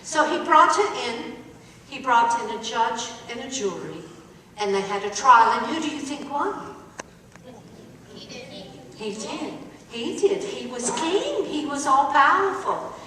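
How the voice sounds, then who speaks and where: A bright-voiced woman storyteller with a high, lively voice, performing for a live crowd. She drags out her phrases and pauses to quiz her listeners. She is picked up from far off in a large, echoing hall. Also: slight background noise. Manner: dramatic, drawn-out, quizzing listeners. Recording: echoey hall recorded from far off.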